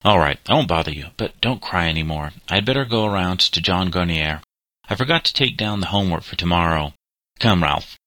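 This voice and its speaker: A brisk, teasing teenage boy in an audiobook, read by a man with a deep, bright voice. He sounds impatient and a little bossy. The recording is dry and close. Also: expressive, dry recording.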